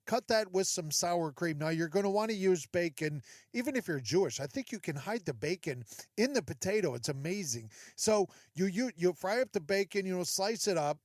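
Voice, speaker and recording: A chatty, joking man hosts a solo podcast and talks right to his listeners. His voice sits a bit high. The sound is dry and close. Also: expressive, normal speed, dry recording. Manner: chatty, jokey, talks straight to listeners with asides. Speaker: podcast host. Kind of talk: solo casual podcast monologue.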